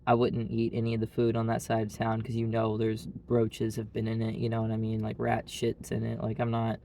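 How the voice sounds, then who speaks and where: Fairly low and monotone, his voice runs a little fast, creaky and mellow, with a little hiss or hum in the recording. He's a vlogger from Arkansas with a Southern accent, telling a blunt, rambling story and saying "like" constantly.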